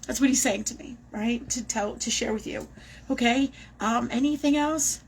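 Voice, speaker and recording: A woman's voice: a little high, normal speed, vocal fry, slight background noise, poor audio. A woman talking casually and animatedly as a medium in a live-streamed reading, swearing now and then. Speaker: psychic medium.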